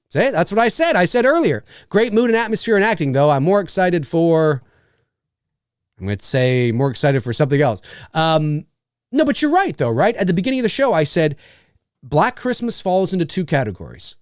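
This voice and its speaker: A man's voice: on the high side, wildly swooping pitch, moderate pace, dry recording, studio quality. A man hosting a casual live stream, rambling through viewer comments with lots of fillers and frequent laughs. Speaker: live show host.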